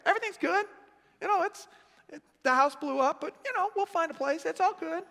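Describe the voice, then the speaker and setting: A man's voice: extremely high pitch, brisk, gravelly, pushed and bright, voice pushed up, heavily acted. A man voicing a cheerful, easygoing man who brushes off every disaster with an upbeat, carefree manner. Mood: breezy. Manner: breezy, upbeat, dismissive of trouble. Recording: echoey church hall.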